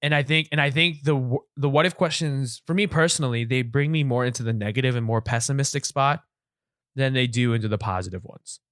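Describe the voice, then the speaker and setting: A man's voice: mid-range voice, a little fast, clean tone, no echo, clean studio sound. A man co-hosting a podcast in casual chat, ranting with exasperation and stammering restarts. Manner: animated, exasperated rants with repeated stammered restarts. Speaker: podcast co-host.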